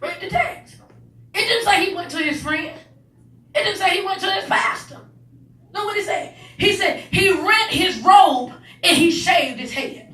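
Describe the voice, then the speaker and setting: High, bright woman preaching in an echoey hall. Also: expressive, recorded from a distance. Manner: builds from low, measured teaching to shouted, rising preaching. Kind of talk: sermon.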